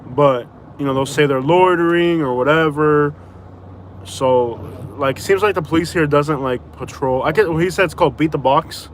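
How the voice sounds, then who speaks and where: A man's voice: fairly high pitch, normal speed, a little hiss or hum. A man from Florida chatting casually on a live stream while driving, rambling with lots of fillers. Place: in a car.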